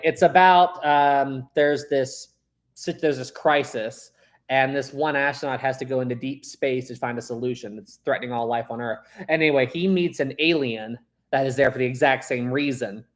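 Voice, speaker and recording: A man chatting casually with viewers as host of a live stream, rambling and laughing easily. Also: medium pitch.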